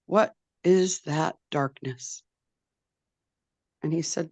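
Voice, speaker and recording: A woman storyteller telling a traditional tale in a slow, deliberate, repetitive way. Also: on the low side, fairly even intonation, creaky, no room sound. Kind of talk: oral storytelling.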